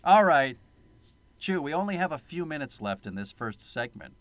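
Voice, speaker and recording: Podcast dude riffing on a bad movie, lively swoopy voice, dry close sound, laughs a lot. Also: male voice, a little high, moderate pace, dry recording. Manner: laughing, sarcastic, swears freely. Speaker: podcast co-host. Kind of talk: casual film review chat.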